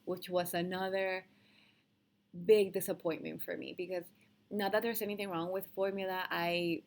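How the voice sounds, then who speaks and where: A woman's voice: fairly low pitch, fairly even intonation, moderate pace, creaky, a little mellow. A woman speaking candidly and emotionally to camera, rambling at times with restarts and small laughs, as she tells her own story. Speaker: vlogger sharing her birth story. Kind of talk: candid unscripted monologue to camera.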